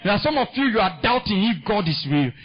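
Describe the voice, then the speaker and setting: A man preaching a sermon in a Nigerian English accent, impassioned and climbing into shouts. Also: sits high, big pitch swings, quick pace, husky. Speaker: pastor. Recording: dull lo-fi sound.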